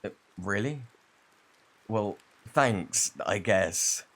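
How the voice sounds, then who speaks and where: A man's voice: lowish voice, extremely slow, a bit bright, full character voice. A young man with a British accent voicing a rude, defensive male student bully in an ASMR role-play, curt and hostile, later shaky and vulnerable. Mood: softening.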